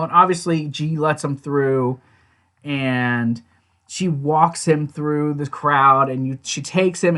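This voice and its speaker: A man's voice: fairly high pitch, a bit bright. Man recapping a TV episode in rambling fashion. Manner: rambling retelling, heavy "you know" and "like". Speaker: TV episode reviewer. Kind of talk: casual recap and review.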